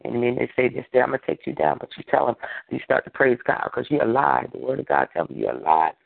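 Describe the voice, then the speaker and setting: A man's voice: mid-range voice, sing-song, quick pace, vocal fry, dry recording. A man leading a prayer line, exhorting with a fervent, repetitive preaching cadence over a phone call.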